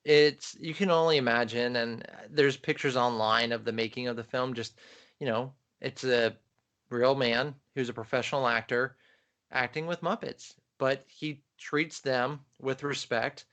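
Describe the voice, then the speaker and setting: With a steady tone and measured pace, a medium-pitched, fairly bright-voiced man co-hosts a podcast. He chats about films in an enthusiastic, rambling way, dropping many fillers.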